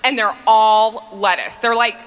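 A woman putting on a crude suburban mom griping at full volume, her voice bright and edged. The words ring out with a long church reverb behind them. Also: a little high, steady tone, measured pace, smooth. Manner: loud, exasperated complaining.

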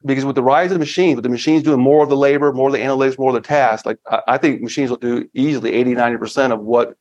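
A man in his fifties, a guest on a business podcast, talking casually and with energy, often breaking into excited quoted asides. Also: mid-range voice, racing. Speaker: podcast guest, finance firm founder. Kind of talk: casual interview talk. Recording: slightly dull lo-fi audio.

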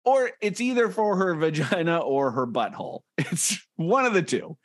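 A man's voice: on the high side, very animated, moderate pace, no room sound, studio quality. A man co-hosting a casual comedy podcast, reading comic panels aloud and laughing often. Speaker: podcast co-host.

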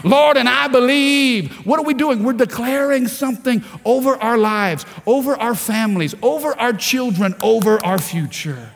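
A man's voice: extremely high pitch, expressive, normal speed, hardly any pauses, big-room sound. A man preaching a fervent sermon, repeating words and asking the congregation rhetorical questions. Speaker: pastor. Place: large church hall.

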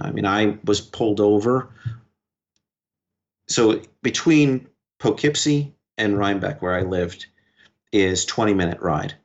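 A man with a fairly low voice recounts a story as a podcast guest. He talks in short bursts and quotes each exchange back and forth. The recording sounds dull and lo-fi. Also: gravelly. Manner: recounts events in quick short bursts, quoting dialogue. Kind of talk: conversational storytelling.

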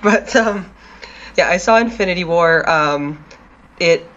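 A podcast co-host recapping their week in a relaxed, dry way with many fillers. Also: medium pitch, measured pace, dull audio. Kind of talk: casual chat.

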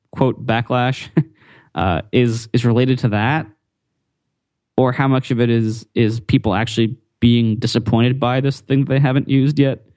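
A man chats casually on a tech podcast, thinking out loud with lots of ums and repeated words. His voice sits in the middle range and is recorded dry and close. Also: mid-range voice, no echo. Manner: rambling, repeats words, frequent fillers.

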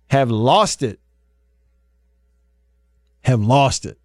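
A man's voice: medium pitch, measured pace, no room sound, studio quality. A man hosting a sports talk radio show, incredulous and joking, laughing often. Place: radio studio. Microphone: studio microphone.

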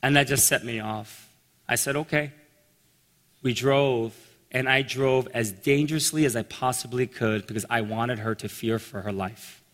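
A man telling a personal story in a sermon, animated and acting out the voices of the people in it. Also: mid-range voice, normal speed. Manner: animated storyteller, acts out quotes. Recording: long reverb in a large hall.

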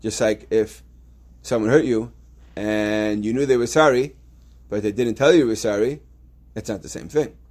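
A man's voice: fairly low pitch, normal speed, a little mellow. A man teaching a yeshiva Torah class, explaining step by step with many restarts and reading Hebrew texts aloud.

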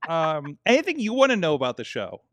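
A man's voice: fairly high pitch, huge pitch swings, fairly quick, fairly bright tone, no echo. Rambling, swearing man on a podcast. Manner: rambling, swears a lot, many fillers and restarts. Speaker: podcast co-host. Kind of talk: casual chat.

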